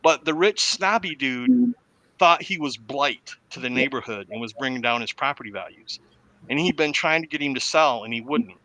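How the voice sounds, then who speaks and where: A man, a podcast host, casually retelling a movie plot as an animated storyteller. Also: mid-range voice, moderate pace, no echo, poor audio. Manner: animated storyteller who acts out the quotes.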